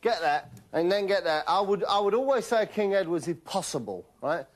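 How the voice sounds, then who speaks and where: Rambling comic host. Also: male voice, high-pitched, animated, normal speed. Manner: rambling, keeps tagging lines with "right?". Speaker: comedy show host. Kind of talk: deadpan comic monologue.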